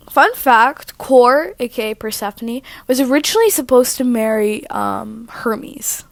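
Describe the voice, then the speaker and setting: A woman telling a casual story on her vlog, rambling and chatty as she interrupts herself. Her voice sits fairly high for a woman. She records on her own mic in a living room with a dry, close sound. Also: a little slow, no room sound. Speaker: vlogger. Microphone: own microphone.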